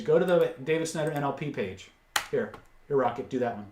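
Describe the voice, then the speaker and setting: A man hosting a live webinar, pitching course packages, reading out prices and answering chat questions with blunt asides. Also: lively intonation, moderate pace, echoey room. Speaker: webinar host and seller.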